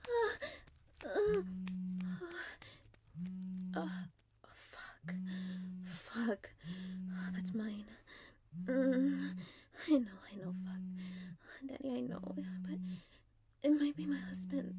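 Young woman breathy whispered role-play, high voice, slow drawn-out delivery. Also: big pitch swings. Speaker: audio role-play performer.

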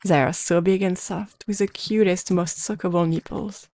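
A young woman performing an adult audio role-play in a dominant, teasing voice with breathy murmurs, close to the mic. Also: fairly low pitch, fairly even intonation, moderate pace, mellow, no room sound.

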